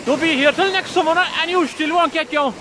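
An actor playing a blunt, grumbling older man at the beach, gruff and teasing. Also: very high-pitched, a little fast. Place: outdoors at a windy beach. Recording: wind and waves noise. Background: wind and surf.

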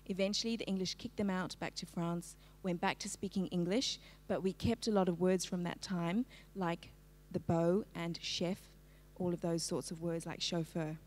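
Lively woman presenting a literacy talk. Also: on the low side, normal speed. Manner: lively, engaging, asks the audience for a show of hands. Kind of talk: live-streamed talk to parents.

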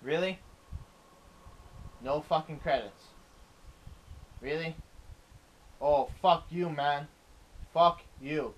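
A man's voice: a little high, very slow, long pauses. A man commenting on a video game as he plays, swearing a lot and ranting in frustration. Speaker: let's play gamer.

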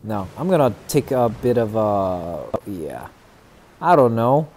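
A man's voice: fairly low pitch, very animated, takes it slowly, a little mellow, slight background noise. A man streaming a shooter game, chatting casually with viewers and trash talking opponents. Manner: playful trash talk to chat. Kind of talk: casual gameplay commentary.

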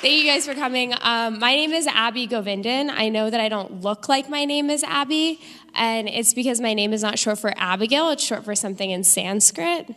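A young adult woman doing a stand-up comedy set on a theater stage, landing punchlines deadpan in an animated delivery. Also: fairly high pitch, moderate pace, long reverb tail, some chatter behind. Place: theater stage with live audience.

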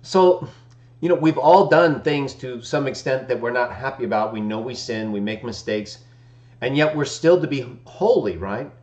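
A man hosting a daily Bible-text live stream, talking in a casual preaching way, argumentative, often asking "right?" and chuckling, his morning voice not quite warmed up. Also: medium pitch, lively intonation, normal speed. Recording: echoey room, dull lo-fi stream audio.

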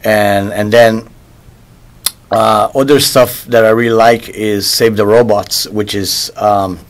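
Musician interviewee, male, a bit low in pitch, loose and rambling. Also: steady tone, takes it slowly. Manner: loose, rambling, repeats words while searching for them. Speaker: musician interviewed about his album. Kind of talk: casual interview talk.

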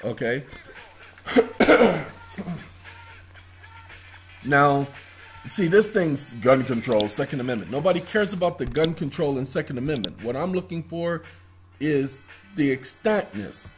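Slightly high and expressive, this man's voice moves at a measured pace with long pauses, while soft music plays. As host of his own video, he rambles casually through on-screen documents in screen-share commentary, calling viewers y'all and singing snatches of songs.

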